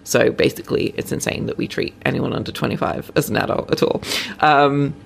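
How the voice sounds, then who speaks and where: A woman's voice: rumbling low, fairly quick, creaky, slight background noise. A woman comedian chatting casually on a podcast, rambling and self-deprecating with many fillers.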